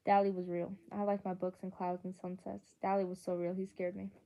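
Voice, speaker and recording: A woman's voice: fairly low pitch, flat delivery, brisk, mellow. A woman reading a novel chapter aloud in an earnest way, with small slips and restarts. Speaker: audiobook reader. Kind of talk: amateur audiobook narration.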